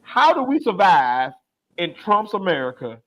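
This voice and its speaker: A man's voice: high voice, big pitch swings, measured pace, a bit bright. A man co-hosting a podcast, going off on a comedic, profane, exasperated rant in casual talk. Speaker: podcast co-host.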